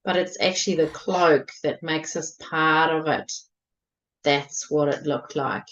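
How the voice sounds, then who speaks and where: A woman with a very deep voice joins as co-host over a video call, and the sound is dull and lo-fi. She chats casually, giving gentle, brief affirmations. Her tone is quiet and supportive. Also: a little slow. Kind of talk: casual chat.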